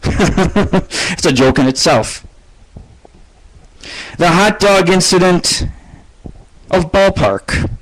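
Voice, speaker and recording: A man's voice: sits high, expressive, drawn-out words, long pauses, slight background noise, rough recording. A man hosting his own internet radio show, telling rambling stories with lots of swearing. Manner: profane, rambling, storytelling. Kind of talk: casual rambling monologue.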